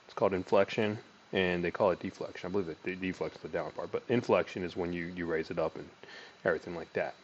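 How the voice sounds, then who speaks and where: A man teaching sales call scripts in a casual, conversational way, with deliberate filler words and a voice that swings up and down in inflection. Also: muffled recording, a little hiss or hum. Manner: lively inflection, pitch rising and falling. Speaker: sales trainer. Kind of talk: casual teaching monologue with role-played call lines.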